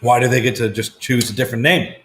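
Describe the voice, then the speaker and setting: A man's voice: mid-range voice, steady tone, quick pace, fairly bright tone, slight background noise. A man co-hosting a live whisky chat, teasing his partner and reading out viewer questions. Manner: dry, teasing, reads viewer comments. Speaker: whisky show co-host. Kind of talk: casual live-stream chat. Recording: echoey room.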